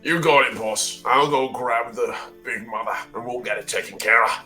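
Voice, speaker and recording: A man's voice: medium pitch, moderate pace, sharp tone, soft background music, rough recording. A man voicing a brusque, direct male weasel henchman with a tough-guy delivery in a tabletop game.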